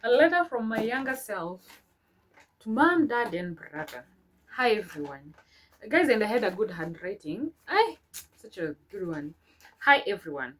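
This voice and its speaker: A woman's voice: mid-range voice, big pitch swings, unhurried, a little hiss or hum, poor audio. A young woman, a vlogger reading her old letters aloud and breaking off to chat about them sentimentally. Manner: sentimental, chatty asides between read lines.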